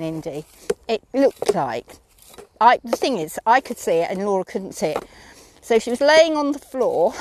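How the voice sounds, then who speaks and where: A woman chatting casually about her horses, giggling often and filling pauses with ums. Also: a little high. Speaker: horse owner vlogger. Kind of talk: casual chat.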